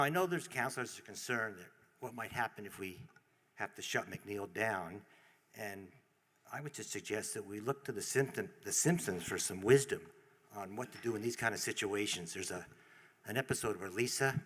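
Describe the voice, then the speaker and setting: Wry, low-voiced man at the podium. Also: fairly bright tone. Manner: dry, wry storytelling. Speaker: public commenter. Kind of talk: public comment at a council meeting. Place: city council chamber.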